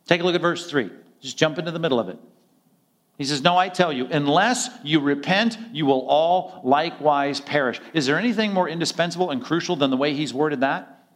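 A man's voice: on the high side, brisk. A male pastor preaching a conversational sermon, often acting out quoted dialogue in other voices.

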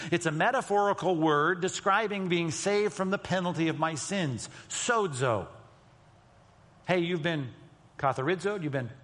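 A man with a somewhat high voice preaches to his congregation, leaning hard on key words and then dropping to a hushed aside. The sound carries a long reverb from the large hall. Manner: emphatic, shifts between loud and hushed delivery. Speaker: pastor. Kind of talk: sermon.

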